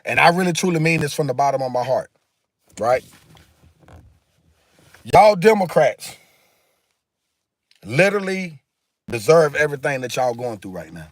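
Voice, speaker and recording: A man's voice: a little high, very animated, normal speed, long pauses, no echo, studio quality. A man hosting a casual livestream, talking emphatically and repetitively in a preachy way while answering viewer comments. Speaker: livestream host.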